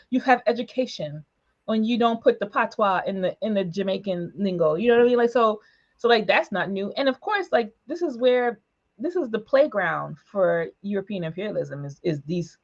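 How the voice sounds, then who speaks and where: A woman speaking emphatically in a political broadcast discussion, with quick asides and short laughs. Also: fairly low pitch, gravelly, dull audio. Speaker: panelist for a women's political organization.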